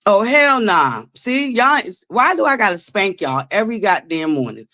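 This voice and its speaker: A woman hosting a gossip commentary vlog, loose and profane, who keeps scolding her viewers. Her voice is bright and very lively, sliding from muttered asides up to loud exclamations. She talks in a casual, animated way. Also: medium pitch, moderate pace. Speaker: commentary vlogger.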